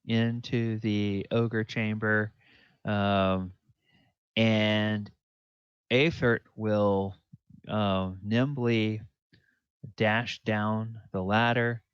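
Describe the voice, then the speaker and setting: A man narrating as game master of a tabletop game, unhurried, with fillers and pointing at the map. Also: on the low side, level tone, smooth, no echo, lo-fi sound.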